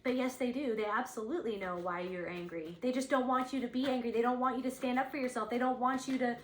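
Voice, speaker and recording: A woman's voice: fairly high pitch, fairly even intonation, fast, reverberant, a little hiss or hum, poor audio. A woman giving an intuitive spiritual reading, thinking aloud in a searching, rambling way, with lots of "like". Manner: searching, rambling, heavy use of "like".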